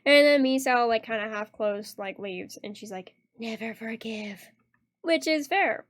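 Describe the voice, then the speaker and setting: A young woman with a high, light voice chatting while she streams a game. She rambles casually, leaning on fillers as she thinks aloud. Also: animated, normal speed.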